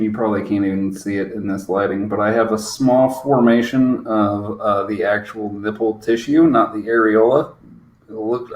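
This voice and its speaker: A man, chatting casually on a podcast in a rambling, profane way. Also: mid-range voice. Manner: rambling, filler-heavy, profane. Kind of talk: casual chat. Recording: roomy room with faint ambience.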